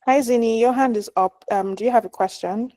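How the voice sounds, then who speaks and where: Woman, webinar moderator, soft mellow voice, dry call audio. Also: a little high, brisk, no echo, poor audio. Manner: polite, prompting attendees. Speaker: session moderator. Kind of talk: hosting a webinar Q&A. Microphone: video call.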